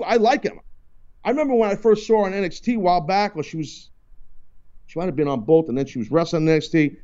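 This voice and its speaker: A man's voice: high-pitched, a little mellow, muffled recording. A man hosting a live talk radio show, ranting bluntly and repeating himself as he argues about wrestling. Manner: blunt, heated, repetitive ranting. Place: radio studio.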